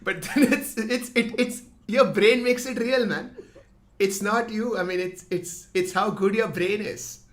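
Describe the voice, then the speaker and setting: A man's voice: high-pitched, measured pace, fairly bright tone. A man hosting a casual chat, laughing easily and restarting his sentences often. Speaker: host.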